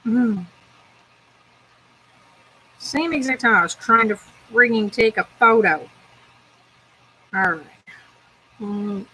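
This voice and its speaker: A woman's voice: fairly high pitch, lively intonation, slow, long pauses, pushed and bright, husky, poor audio. A young woman chatting to herself in a casual vlog, bubbly and talkative. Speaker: vlogger.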